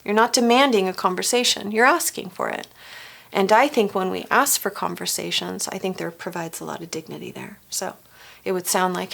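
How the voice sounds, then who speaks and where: A woman's voice: mid-range voice, fairly quick, gravelly, fairly bright tone. A woman presenting a family recovery course, coaching listeners with rhetorical questions and acted-out sample phrases. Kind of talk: teaching a workshop.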